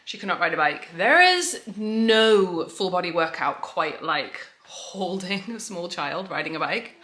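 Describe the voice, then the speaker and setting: A woman in her thirties chatting casually to camera at home in a family vlog, reflective and talkative, with soft laughs. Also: lowish voice, expressive, measured pace. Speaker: family vlogger.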